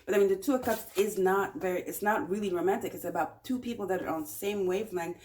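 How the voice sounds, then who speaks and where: A woman talks through a pick-a-card tarot reading in a relaxed, chatty way. She is encouraging and repeats short phrases over and over for emphasis. Her pitch sits in an ordinary middle range for a woman. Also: fast talker. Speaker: tarot reader.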